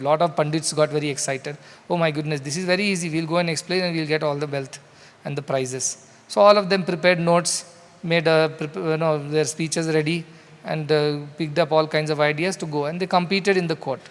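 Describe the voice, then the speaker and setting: In a large hall with long reverb, a spiritual speaker with an Indian English accent and a fairly high voice gives a discourse. He explains scripture loosely and conversationally through a story.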